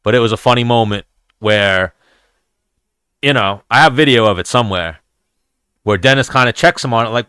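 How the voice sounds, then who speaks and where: A man's voice: medium pitch, normal speed, long pauses, clear, resonant tone, no room sound, clean studio sound. A man hosting a podcast, telling casual stories, swearing freely and acting out what others said. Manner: profane, animated storyteller acting out quotes. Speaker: podcast host. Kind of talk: casual storytelling chat.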